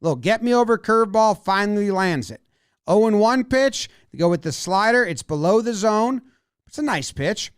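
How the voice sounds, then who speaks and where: Brief: male baseball analyst, high, bouncy voice, dry close sound, playful play-by-play breakdown. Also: moderate pace, clear, resonant tone, no echo. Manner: animated, acts out players' imagined lines.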